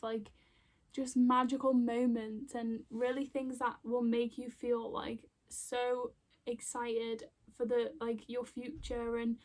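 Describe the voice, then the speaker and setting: A woman with a high, slightly mellow voice gives a casual spiritual card reading as an intuitive reader. It rambles, full of fillers, restarts and heartfelt emotion, recorded with her a bit away from the mic.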